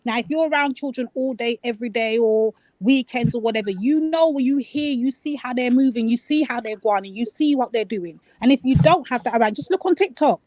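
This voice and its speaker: A woman's voice: on the high side, fairly quick, few pauses, a little mellow, no room sound, rough recording. A woman on a panel debate, emphatic and argumentative.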